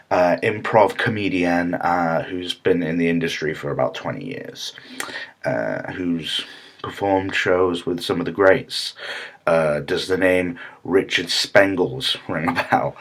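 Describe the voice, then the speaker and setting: A man's voice: deep voice, a little slow, a bit bright. A man delivering a comedy monologue as a smug, self-important improv teacher, rambling with many fillers and restarts.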